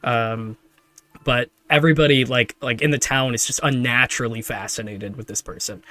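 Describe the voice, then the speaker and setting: A man's voice: medium pitch, steady tone, normal speed, pushed and bright. A man narrating as game master of a tabletop game, describing scenes in a rambling way full of fillers.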